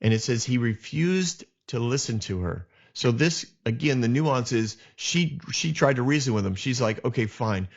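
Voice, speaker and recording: A man's voice: mid-range voice, expressive, normal speed, vocal fry, few pauses, muffled recording. A man hosting a podcast, retelling a Bible story with passionate, indignant commentary and frequent restarts. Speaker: podcast host.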